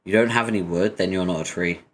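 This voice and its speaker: A man's voice: low voice, steady tone, fast talker. Teasing, swearing British man. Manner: teasing, profane, banter with chat. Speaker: webcomic reader and streamer. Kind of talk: casual chat.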